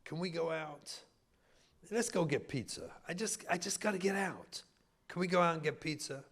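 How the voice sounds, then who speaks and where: A man's voice: a little high, moderate pace, a bit bright. A man voicing a frustrated young wife who pleads to go out and turns testy. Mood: pleading. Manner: pleading, then hurt and testy.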